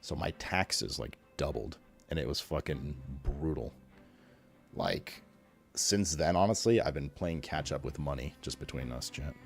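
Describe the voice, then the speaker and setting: A man with a very low voice chats loosely with his stream audience, rambling, swearing freely and answering chat messages. Soft music plays faintly behind him. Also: animated, a little slow, gravelly. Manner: rambling, profane, reading chat aloud. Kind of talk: casual chat.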